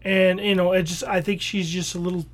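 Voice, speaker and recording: A measured man co-hosting a casual podcast. He weighs his opinions as he speaks and thinks aloud before he reaches a critical point. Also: high-pitched, little pitch movement. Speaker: podcast co-host. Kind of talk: casual chat.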